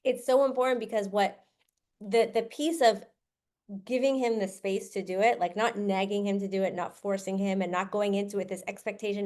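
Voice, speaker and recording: A woman's voice: medium pitch, fairly even intonation, normal speed, a little mellow. A woman hosting a podcast, talking earnestly in a casual advice style and acting out quoted lines as she explains. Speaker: podcast host.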